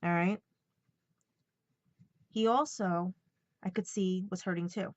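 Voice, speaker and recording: A woman's voice: fairly low pitch, fairly even intonation, slow pace, a little mellow, dry recording. Emotional woman vlogger, dull dry sound. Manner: emotional, rambling retelling full of quoted dialogue. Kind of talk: casual vlog storytelling.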